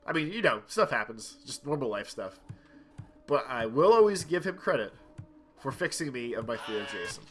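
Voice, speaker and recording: A young man hosting a let's play, telling a rambling childhood story in a casual way while playing. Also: medium pitch. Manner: rambling, animated anecdote with quoted voices. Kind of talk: casual storytelling over gameplay.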